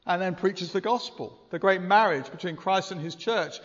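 A man's voice: high voice, moderate pace, fairly bright tone. A man preaching a sermon in a church, earnest and conversational, often asking rhetorical questions. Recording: long reverb, dull lo-fi sound.

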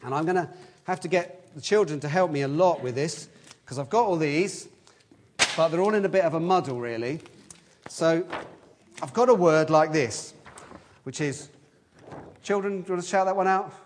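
A man giving a lively, interactive children's talk in a church service, quizzing the children as he goes. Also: a little high, a little hiss or hum. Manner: lively, questioning the children, quick asides.

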